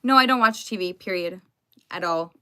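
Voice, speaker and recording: Young female streamer, bright voice, easy casual chat with her viewers. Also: lowish voice, moderate pace, smooth. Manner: chatty, greets viewers by name. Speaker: live streamer.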